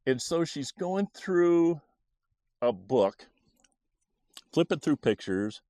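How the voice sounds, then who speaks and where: A middle-aged man tells a story from his own childhood, his pitch rising and falling in a lively, animated sweep. He recalls it haltingly, restarting phrases often, and the recording is dry and close, with no room sound. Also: dry recording. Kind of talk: personal storytelling.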